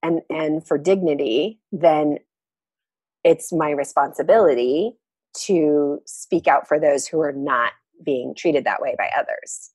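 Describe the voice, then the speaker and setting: A woman chats reflectively and laughs easily as she talks. Her voice is slightly husky and somewhat low. The sound is dry and close, with no room echo. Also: a little slow. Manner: warm, laughs often, reflective. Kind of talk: casual conversation.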